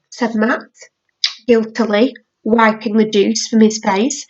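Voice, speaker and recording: A woman reading a children's novel aloud in a measured storytelling manner. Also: mid-range voice, fairly even intonation. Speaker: reader. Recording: dull lo-fi audiobook recording.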